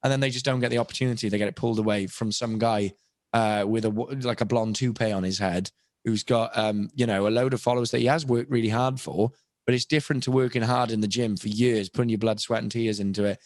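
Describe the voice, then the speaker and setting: A man's voice: lowish voice, steady tone, fast talker, no room sound, studio quality. A young British man, a voice actor guest on a podcast, talking candidly in a casual interview with many restarts and asides. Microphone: podcast microphone.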